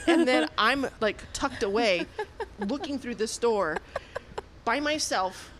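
A woman's voice: high-pitched, a little slow, slight background noise. A woman guest on a podcast, casually telling a long story and acting out what people said, with many fillers. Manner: animated, acts out quotes, lots of "like". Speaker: podcast guest, event producer.

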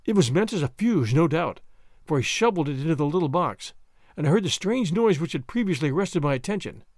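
Expressive man reading a story. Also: a little high, fast, no echo, clean studio sound. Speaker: audiobook reader. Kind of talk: story narration.

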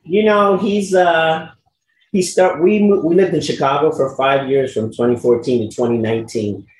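A man's voice: on the high side, fairly even intonation, normal speed, reverberant, a little hiss or hum, rough recording. A man guesting in a casual chat, talking animatedly and laughing often. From England. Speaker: guest actor.

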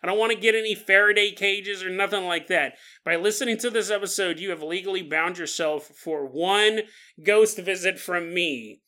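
Bright-voiced man joking on a podcast. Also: high voice, normal speed. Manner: animated, joking, laughs often. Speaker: podcast host. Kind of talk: comedic podcast storytelling.

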